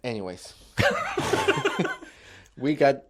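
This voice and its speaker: A man chatting casually on a beer podcast, his voice rising and falling in a lively way as he tells a story. He laughs easily between his sentences. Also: medium pitch, extremely slow. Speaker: podcast co-host. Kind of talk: casual chat over beers.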